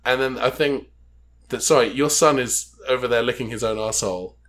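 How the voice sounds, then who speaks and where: A man's voice: medium pitch, fairly quick, a bit bright. A man co-hosting a podcast, giving a sarcastic, rambling review of a film in casual chat. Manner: wry, sarcastic, rambling with restarts. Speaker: podcast co-host.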